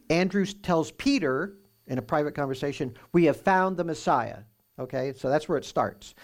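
A man pastor teaching through a Bible passage in a conversational, explanatory way, with animated emphasis. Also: on the high side, gravelly.

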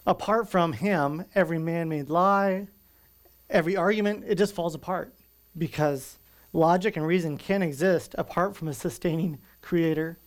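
Man preaching an earnest, emphatic sermon. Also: fairly high pitch. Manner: earnest, emphatic preaching with slow dramatic pauses. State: moved to tears at times. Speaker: pastor.

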